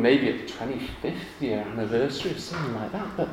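A man in his forties preaching a sermon in a relaxed, conversational way, turning animated when he acts out everyday examples. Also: medium pitch, brisk, few pauses. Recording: echoey room with faint ambient noise.

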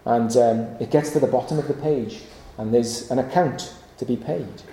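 A male preacher delivers an evening sermon, pleading with his hearers through repeated rhetorical questions. His voice is very dark and mellow. The sound carries the ring of an echoey hall. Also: medium pitch, moderate pace, a little hiss or hum. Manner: earnest, pleading rhetorical questions with many repetitions.

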